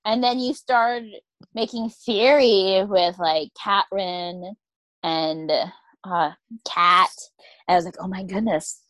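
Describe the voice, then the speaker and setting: A young woman co-hosting a casual book chat, animated and quick to act out what people said. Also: mid-range voice, no echo. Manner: animated, acts out quoted lines, laughs often. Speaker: podcast co-host. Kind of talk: casual chat about books.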